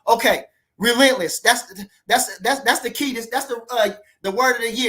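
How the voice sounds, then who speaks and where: A man's voice: sits high, brisk, bright, forceful tone. A man hosting a casual boxing livestream, talking loosely and animatedly, full of "you know what I'm saying" asides. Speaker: boxing channel host.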